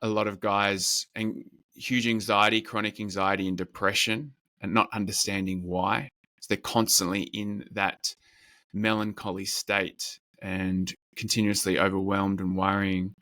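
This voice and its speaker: A man who works as a men's coach, talking earnestly and in measured lists as a podcast guest. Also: fairly low pitch, little pitch movement, sharp tone, no room sound. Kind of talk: reflective interview talk.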